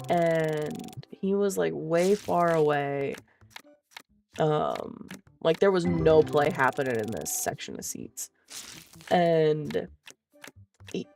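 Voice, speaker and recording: A woman's voice: low-pitched, darkish tone. A woman vlogger telling a story in casual chat, blunt and profane, laughing often.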